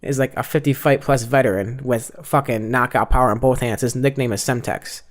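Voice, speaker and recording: A man's voice: medium pitch, fairly quick. A young man in an easygoing podcast chat, his voice sitting in a middle range. He rambles through a fight recap, dropping fillers and curse words as he goes. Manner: rambling, profane fight breakdown with many fillers. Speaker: podcast co-host. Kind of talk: casual chat.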